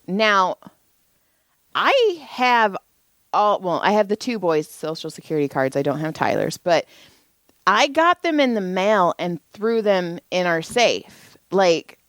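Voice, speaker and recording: Forties mom co-hosting a podcast, swears freely, tells stories with big energy; slightly low voice, dry studio sound. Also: female voice, measured pace, no echo. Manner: profane, animated storytelling. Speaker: podcast co-host. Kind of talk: casual podcast chat.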